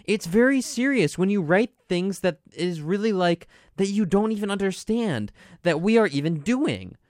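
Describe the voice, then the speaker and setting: A man's voice: high-pitched, big pitch swings, dry recording, studio quality, pitched above the performer's own voice. A man voicing a furious, devoted fan who scolds in broken English. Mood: outraged. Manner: indignant, rapid scolding.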